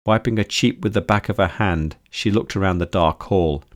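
A man narrating an audiobook in a steady, measured storytelling manner. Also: deep voice, no echo, studio quality. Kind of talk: scripted narration.

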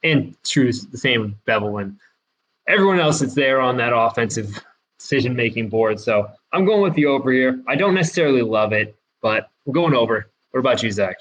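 A man co-hosting a casual sports betting podcast, giving his picks in a relaxed, confident way. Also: mid-range voice, fairly quick, slight background noise, rough recording. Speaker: podcast co-host picking games.

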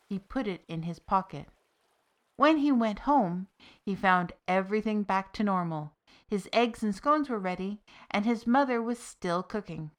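A woman narrates a folk tale in a steady, expressive way. She reads it as a scripted podcast story. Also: mid-range voice, measured pace.

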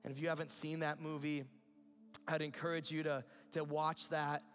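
A man's voice: on the high side, level tone, moderate pace, a bit bright. A man preaching a sermon in an earnest way, building to emphatic peaks. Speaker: pastor.

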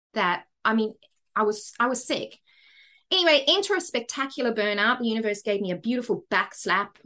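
A woman from Zimbabwe, a podcast guest candidly telling her personal story with lively asides and frequent "right?". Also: a little high.

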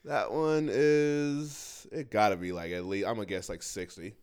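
A man's voice: lowish voice, steady tone, normal speed, a little mellow, clean tone. A man co-hosting a casual chat about movie ratings, laid-back and slangy, laughing often. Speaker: podcast co-host.

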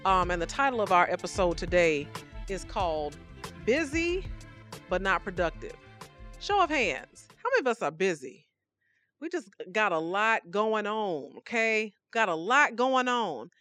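Woman, faith podcast host, conversational preaching, playful asides, very expressive pitch. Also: measured pace, faint music behind.

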